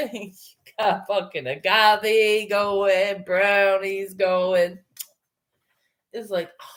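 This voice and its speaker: A woman's voice: medium pitch, a bit bright. A woman casually chatting with her livestream viewers, rambling, swearing freely and laughing often.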